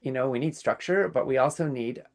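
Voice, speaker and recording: A man's voice: medium pitch, a little fast. A man hosting a workshop, reflecting earnestly on a guest's story and listing ideas one after another. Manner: earnest, lists ideas in series. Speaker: workshop host. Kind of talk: reflective commentary.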